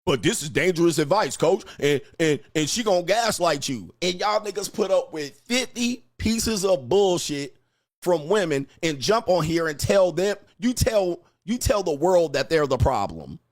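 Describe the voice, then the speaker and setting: A man's voice: fairly high pitch, sing-song, moderate pace, no echo, clean studio sound. A man giving blunt, crude relationship advice in a mocking, preachy rant, answering viewer comments. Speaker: dating advice host.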